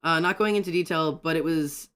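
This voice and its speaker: Young aussie guy livestreaming while he draws, kinda high voice, gets all fired up and rants, says hi to chat. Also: a little fast, clean tone. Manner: excitable, ranting, greets chat members.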